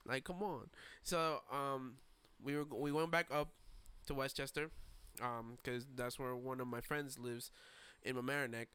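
A man's voice: medium pitch, steady tone, unhurried, few pauses, sharp tone, smooth, no room sound. A young man, rambling through a story on a casual podcast and acting out quoted voices. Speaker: podcast host.

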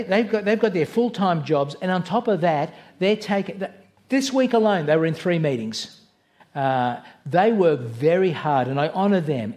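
A man's voice: on the high side, a little mellow. A man preaching a sermon as pastor, earnest and conversational, with asides and self-corrections. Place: church.

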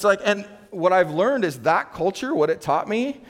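A middle-aged man preaching a sermon in a relaxed, conversational way, acting out everyday exchanges. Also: high-pitched, moderate pace. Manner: conversational, acts out quoted exchanges with laughs. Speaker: pastor.

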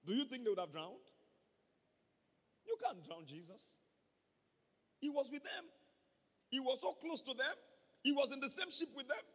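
Nigerian pastor preaching, high husky voice, keeps repeating the point, big echoey church hall. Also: male voice, big pitch swings, moderate pace, long pauses, fairly bright tone. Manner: emphatic, repeats key phrases, calls for amens. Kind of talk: sermon. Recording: long reverb of a large hall.

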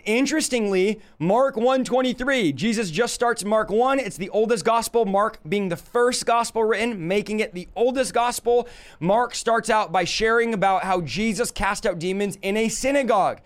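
A man's voice: sits high, moderate pace. A man preaching a live-stream Bible teaching, emphatic and full of rhetorical questions to his audience.

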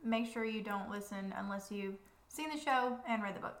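Quick, jokey woman in an echoey room. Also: medium pitch. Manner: quick, jokey, acts out quoted reactions. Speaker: podcast co-host. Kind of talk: casual book-discussion chat.

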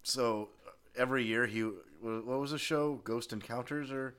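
A man co-hosting a casual podcast who tells an anecdote in an animated way, with crude asides. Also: medium pitch, normal speed, smooth. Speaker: podcast co-host.

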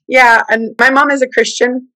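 A woman in her forties tells her personal testimony in conversation. She is an animated storyteller who acts out the voices she quotes. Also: high-pitched, moderate pace, no room sound, rough recording. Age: 40s. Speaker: guest.

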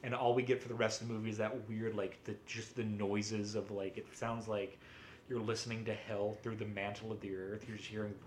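A man's voice: fairly low pitch, little pitch movement, brisk, slight background noise. A man co-hosting a podcast, talking casually and enthusiastically, swearing often and rambling with many restarts. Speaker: podcast co-host. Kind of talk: casual chat.

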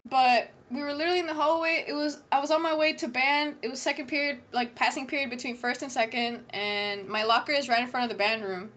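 A teenage girl in casual chat, telling an animated story full of fillers and quoted lines. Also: sits high, fast talker, few pauses. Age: teens. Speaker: podcast co-host.

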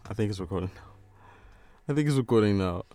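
A man's voice: lowish voice, expressive, fast, warm tone. A young man co-hosting a casual podcast in a small studio, talking in a rambling way with many restarts and fillers. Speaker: podcast co-host. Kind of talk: casual chat. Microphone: studio microphone.

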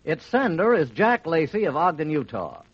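Lively cheerful sidekick on old radio. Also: male voice, a little high, normal speed, no echo. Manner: cheerful straight man. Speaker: co-host. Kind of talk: scripted radio banter. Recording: dull lo-fi 1940s radio recording.

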